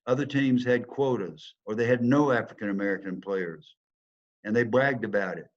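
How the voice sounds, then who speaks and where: An older man with a Southern accent tells a personal story, swinging between loud bursts and hushed asides like a dramatic storyteller. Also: fairly low pitch, moderate pace, muffled recording. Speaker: speaker telling a personal story. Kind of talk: storytelling talk.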